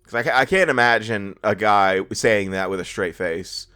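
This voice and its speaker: A man who has just rolled out of bed sounds tired as he hosts a let's play with loose, rambling commentary, stammering and laughing at his own expense. His fairly low voice is bright, smooth and forceful, moving at a normal speed.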